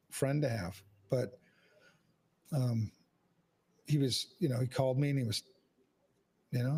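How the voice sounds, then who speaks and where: A man's voice: medium pitch, vocal fry, a little mellow, breathy edge. A man hosting a podcast, talking frankly and casually, swearing often and restarting his sentences. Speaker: podcast host. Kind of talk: candid casual conversation.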